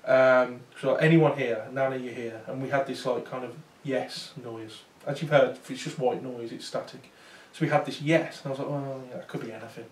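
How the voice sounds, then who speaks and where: A man's voice: medium pitch, steady tone, brisk, hardly any pauses, slight background noise. A man, a paranormal investigator, telling a chatty story to a small audience, with many fillers and restarts. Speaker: paranormal investigator giving a talk. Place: talk venue with small audience. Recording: roomy sound from far off.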